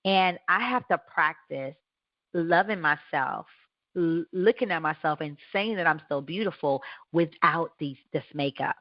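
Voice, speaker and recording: A woman's voice: low voice, a little slow, no room sound, muffled recording. A woman hosting a radio show, giving an earnest, encouraging faith talk in a conversational way, with restarts.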